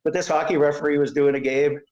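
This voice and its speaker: An older Canadian man telling animated umpiring stories in an interview, laughing often and acting out voices. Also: on the high side, fast, echoey room, highs cut off. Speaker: guest, retired umpire. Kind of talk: storytelling interview.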